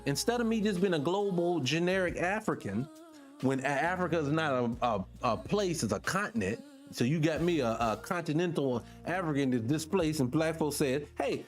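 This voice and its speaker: A man hosting a morning talk show, giving blunt, profane commentary on clips he plays. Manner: emphatic, blunt, profane, swings up in pitch when making a point. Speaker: host. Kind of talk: casual commentary reacting to clips.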